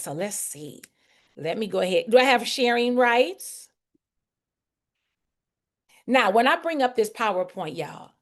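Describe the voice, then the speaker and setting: A fairly high-voiced woman runs a group coaching session over a video call. She calls on participants by name and hammers her points home with repetition.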